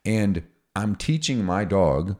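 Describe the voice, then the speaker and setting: A man co-hosting a casual podcast, explaining dog training in an energetic, chatty way. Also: low-pitched, slow pace. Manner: energetic, explanatory, acts out dialogue.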